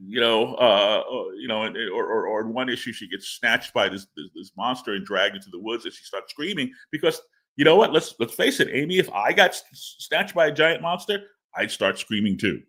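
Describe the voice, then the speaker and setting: A man's voice: mid-range voice, lively intonation, brisk, a bit bright. A man talking as a guest in a casual interview, rambling and stammering with repeated words and laughs. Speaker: comic book writer interviewed as guest.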